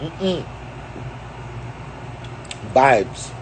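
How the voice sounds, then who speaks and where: A man's voice: mid-range voice, very animated, drawn-out words, a little hiss or hum, poor audio. A man at home giving a rambling, profane, streetwise monologue in a freewheeling casual style. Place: at home, indoors.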